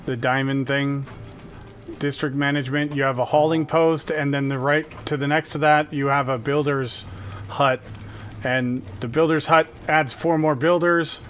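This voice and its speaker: A man's voice: fairly high pitch, level tone, moderate pace, fairly bright tone, soft background music. A man livestreaming a game, patiently explaining the controls step by step in a casual way.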